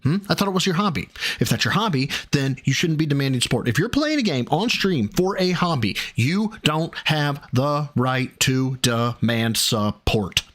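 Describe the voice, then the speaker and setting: A man hosting a stream reacts to clips with sarcastic, profane commentary. His pitch sits in the middle but swings widely as he mocks and rants in exasperation. He speaks into a desk microphone. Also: lively intonation, normal speed, a bit bright.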